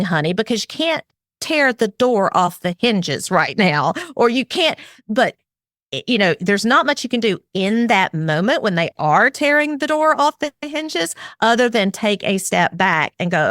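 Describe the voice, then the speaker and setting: A middle-aged woman who is a parenting expert speaks earnestly in an interview, explaining her advice and acting out lines a parent and child might say. Her mid-range voice is slightly bright, and the recording is dry and studio quality.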